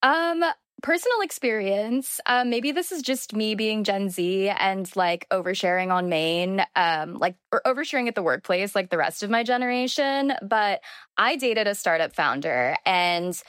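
A woman's voice: mid-range voice, expressive, normal speed, a bit bright, dry recording, clean studio sound. A young woman in her twenties, a journalist guest, chatting freely with many fillers and "like"s. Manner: chatty, lots of filler words and "like". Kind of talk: conversational interview.

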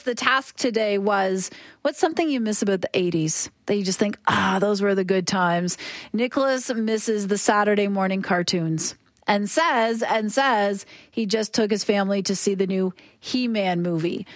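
A woman's voice: mid-range voice, dry recording, studio quality. A woman co-hosting a radio show, chatting casually and poking fun at herself with frequent laughs. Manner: chatty, self-deprecating, laughs often.

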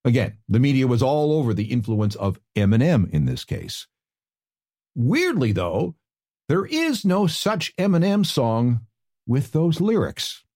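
A man's voice: medium pitch, sing-song, measured pace, a little mellow. A man hosting a radio talk segment, telling stories with wry asides. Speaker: radio host.

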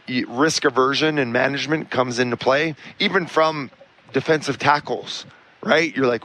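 A former defensive football player talking football in an animated, emphatic way on a sports talk show. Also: male voice, medium pitch, normal speed, a little hiss or hum, low-quality recording.

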